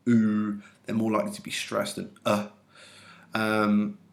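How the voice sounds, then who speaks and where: Male teacher, low flat gravelly delivery, methodical classroom explainer. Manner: methodical, walks through examples step by step.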